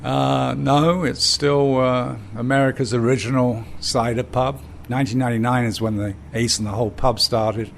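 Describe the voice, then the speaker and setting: Older English man, gravelly voice, rambling anecdotes with fillers, faint background noise. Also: medium pitch, flat delivery, moderate pace, few pauses. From England. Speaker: cider company founder, guest. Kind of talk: storytelling in conversation. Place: bar of a small pub.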